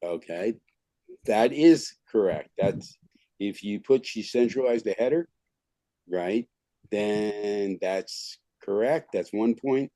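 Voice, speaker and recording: Slow, mellow-voiced male trainer. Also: fairly low pitch, no room sound. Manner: informal, fills talk with "okay" and "right". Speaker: skills trainer. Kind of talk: teaching an online class.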